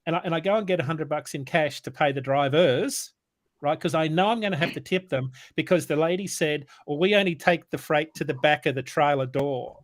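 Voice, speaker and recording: A fairly high-voiced man tells a long story in casual chat on a sales morning show. He is animated, acts out the dialogue and stumbles and restarts often. The sound is dry and close. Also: a little fast, dry recording.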